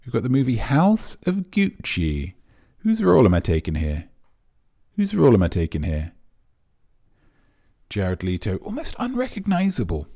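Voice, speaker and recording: A man's voice: low-pitched, mellow. A man hosting a comic live quiz in a pompous, rambling, mock-serious manner. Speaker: quiz host.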